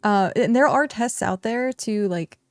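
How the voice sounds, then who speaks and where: A chatty woman streamer talks casually over her game, wandering through her thoughts with plenty of fillers. Her voice sits at a middle pitch and is recorded dry and close, with no room sound around it. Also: measured pace, no echo. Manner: chatty and rambling, many fillers. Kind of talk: casual chat while livestreaming a game.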